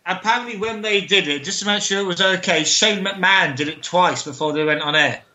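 A man co-hosting a podcast in casual chat, making blunt jokes and quick asides. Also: high-pitched, pushed and bright. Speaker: podcast co-host. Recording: echoey room.

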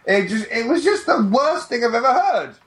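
A man's voice: very high-pitched, big pitch swings, normal speed, fairly bright tone. A man co-hosting a casual wrestling chat, blunt and mocking, who swears now and then. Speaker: podcast co-host.

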